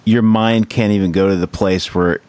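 A man's voice: fairly low pitch, fairly even intonation, moderate pace, darkish tone, clear, resonant tone. A man in casual chat, talking reflectively and swearing now and then.

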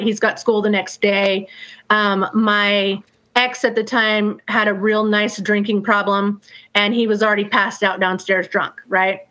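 Animated woman telling a story, dull sound. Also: mid-range voice. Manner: animated, acts out sounds and quotes, swears freely. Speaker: guest telling a personal story. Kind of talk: casual storytelling to a group.

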